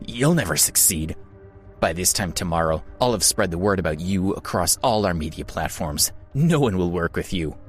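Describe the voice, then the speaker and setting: A man's voice: sits low, lively intonation, normal speed, faint music behind. Man voicing a cold vengeful tycoon. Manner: cold and threatening. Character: proud humiliated male tycoon, vengeful.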